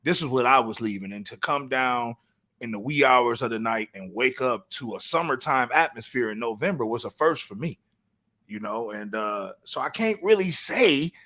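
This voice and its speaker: A man's voice: mid-range voice, pushed and bright. A middle-aged man co-hosting a casual podcast, laid-back and full of street slang, often restarting his sentences. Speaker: podcast co-host.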